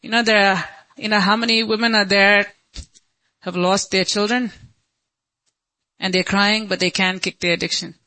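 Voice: medium pitch, level tone, moderate pace, pauses often, bright, forceful tone, no room sound, poor audio. A pastor preaching a sermon with impassioned, repeated rhetorical questions.

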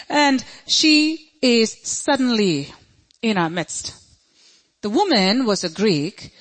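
A woman's voice: medium pitch, a bit bright, poor audio. A woman preaching a sermon, emphatic and repeating her key phrases, with questions put to the congregation.

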